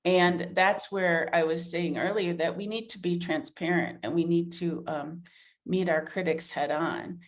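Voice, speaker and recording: Woman, middle-aged, journalist guest, lowish pitch, earnest, thinks aloud with restarts. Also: steady tone, measured pace. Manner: earnest, thoughtful, many fillers and restarts. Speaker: author and investigative journalist, guest. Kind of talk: interview answers.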